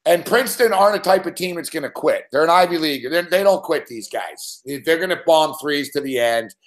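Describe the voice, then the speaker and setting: A man from Canada talks through game odds in a relaxed live betting show. His pitch sits a little higher than most men's. He keeps it simple and laughs often. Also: brisk. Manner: explains picks plainly, laughs easily. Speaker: sports betting analyst. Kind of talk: casual live betting analysis.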